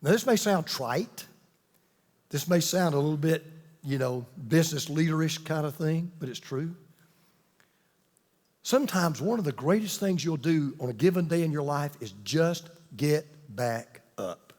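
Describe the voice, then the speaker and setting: Male preacher, highish voice, emphatic, long pauses for effect, big echoey hall. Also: lively intonation, a little mellow. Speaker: pastor. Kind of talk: sermon.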